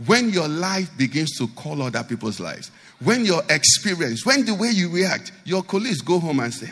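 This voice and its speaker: A man's voice: on the high side, sing-song, moderate pace, hardly any pauses, fairly bright tone, big-room sound. A man pastor, preaching a sermon animatedly and asking the congregation rhetorical questions.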